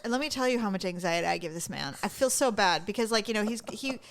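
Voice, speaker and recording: A woman co-hosting a podcast, telling funny stories in casual chat with her sister, full of jokes and quick asides. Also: mid-range voice, animated. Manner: chatty storyteller, joking, quick asides. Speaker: podcast co-host.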